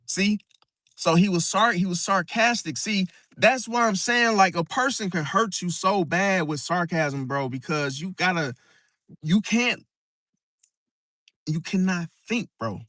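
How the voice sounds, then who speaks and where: A man's voice: high voice, a little slow, sharp tone, no echo. Emphatic slangy man, dry close sound. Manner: emphatic, slangy, keeps asking "see?" and saying "bro"; restarts and repeats words while explaining. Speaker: astrology video host. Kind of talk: casual monologue to camera.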